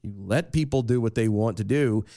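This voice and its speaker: A man in mid-pitched casual conversation, restarting phrases as he works out his point. He sounds easygoing and plainly spoken. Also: moderate pace, warm tone. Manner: conversational, repeats words as he thinks. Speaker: podcast co-host. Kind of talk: casual political chat.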